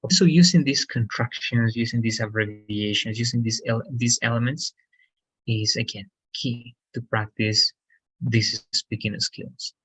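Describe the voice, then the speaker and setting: A man's voice: mid-range voice, steady tone, measured pace, fairly bright tone, slightly rough, rough recording. A man whose first language is Spanish, giving an online English lesson, explaining step by step, correcting himself and often asking "right?". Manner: explanatory, frequent "right?" checks, self-corrections. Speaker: English teacher.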